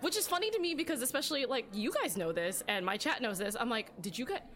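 Woman podcast host, slightly high voice, casual chat, candid, laughs a lot, swears loosely. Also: big pitch swings, quick pace, fairly bright tone.

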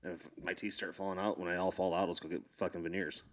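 A man's voice: deep voice, flat delivery, fast. A blunt, dry man on a casual podcast who swears freely.

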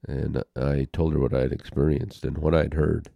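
An older man telling a personal story as an interview guest, halting and heartfelt, with pauses and restarts. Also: a bass voice, flat delivery, gravelly, warm tone, no room sound.

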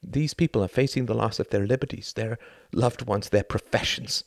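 A man's voice: on the low side, moderate pace, vocal fry, dry recording, clean studio sound, pitched above the performer's own voice. A man reading an audiobook, voicing an earnest young man who pleads with urgent, solemn intensity. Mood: pleading.

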